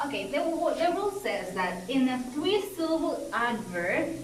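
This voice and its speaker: A woman's voice: sits high, sing-song, measured pace, echoey room, low-quality recording. A young woman with a Colombian Spanish accent, a native Spanish speaker, explaining pronunciation rules to a class in a casual, encouraging way. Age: young adult. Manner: casual, encouraging teacher tone with fillers. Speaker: student presenter.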